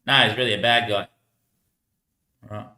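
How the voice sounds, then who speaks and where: An Australian man rambling through casual stories about life on the streets, laughing often and trailing off quietly at the ends of his lines. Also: on the low side, steady tone, normal speed, echoey room. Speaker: homeless man telling stories.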